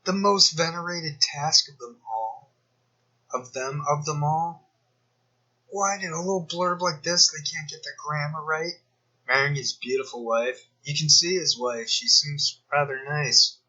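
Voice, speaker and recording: Sarcastic rambling man, husky and bright. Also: on the high side, a little slow, highs cut off. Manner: sarcastic, digressive, mocking asides. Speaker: commentary YouTuber. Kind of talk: rambling screen-share commentary.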